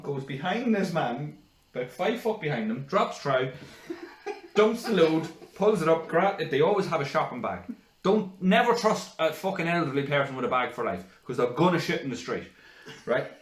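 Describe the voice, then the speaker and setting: A man's voice: on the high side, normal speed. A man co-hosting a casual podcast, swearing freely and acting out stories. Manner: animated storyteller, swears a lot, acts out quotes. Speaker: podcast co-host. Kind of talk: casual banter. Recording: echoey room, far from the mic.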